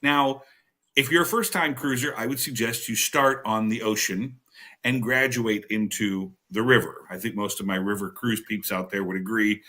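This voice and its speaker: A man's voice: lowish voice, steady tone, moderate pace, bright, forceful tone. A man giving travel advice as a guest on a morning TV show, upbeat and enthusiastic. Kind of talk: TV interview advice.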